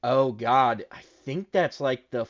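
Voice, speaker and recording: A man co-hosting a casual chat show, telling stories in a profane, animated way. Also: medium pitch, slow pace, dull audio. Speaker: podcast co-host.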